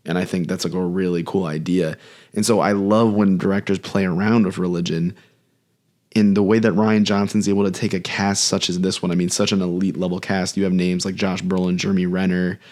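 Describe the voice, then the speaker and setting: A man's voice: low voice, a little mellow. A man co-hosting a movie podcast, talking in a thoughtful, earnest way in full sentences. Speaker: podcast co-host. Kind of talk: casual chat about movies.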